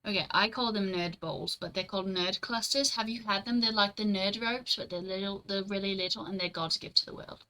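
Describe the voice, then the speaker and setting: A woman's voice: medium pitch, fairly quick, few pauses, sharp tone, low-quality recording. A young woman streamer in casual, rambling chat, reading and answering her chat, swearing casually and laughing often.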